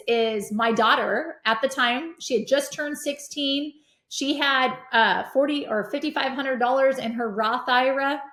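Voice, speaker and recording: A middle-aged woman telling stories as a podcast guest, energetic and animated. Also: on the high side. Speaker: podcast guest, real estate investor. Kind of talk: casual conversation. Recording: roomy echo.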